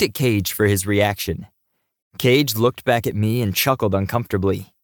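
A man narrating an audiobook in a steady, even storytelling manner. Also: lowish voice, moderate pace, no echo, clean studio sound.

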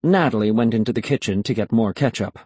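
A man's voice: fairly low pitch, fast, darkish tone, breathy edge, dry recording. A man reading a children's story aloud in the first person, expressively. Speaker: audiobook narrator.

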